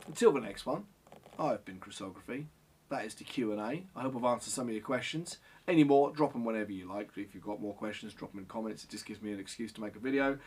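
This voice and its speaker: A man's voice: fairly low pitch, breathy edge. A middle-aged man answering viewer questions in a casual, rambling vlog, sweary and self-deprecating. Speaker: photographer and vlogger.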